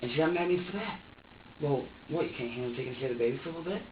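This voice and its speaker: A man's voice: medium pitch, lively intonation, rapid-fire, a little hiss or hum. Swearing young man in echoey interrogation room. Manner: heavy swearing, re-enacting arguments. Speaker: interrogation subject. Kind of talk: agitated personal account. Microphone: distant security camera mic. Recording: echoey, distant, dull security recording.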